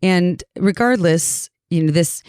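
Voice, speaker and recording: A woman co-hosting a podcast in casual chat, upbeat and quick to agree, her voice a bit strained. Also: on the low side, darkish tone, clear, resonant tone, no echo, clean studio sound. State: slightly strained voice. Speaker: podcast co-host.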